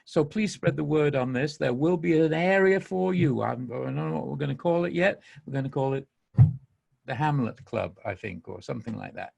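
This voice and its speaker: Gravelly Mancunian man hosting a podcast. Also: fairly high pitch, moderate pace, darkish tone. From England. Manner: enthusiastic, rambling, frequent laughs. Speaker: podcast host. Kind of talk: casual monologue.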